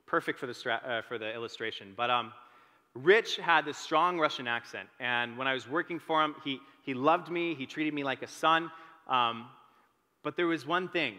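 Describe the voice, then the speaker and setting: A young man telling his own story as a sermon, animated and self-deprecating. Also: mid-range voice, normal speed. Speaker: teaching pastor. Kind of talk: testimony sermon. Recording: long reverb of a large hall.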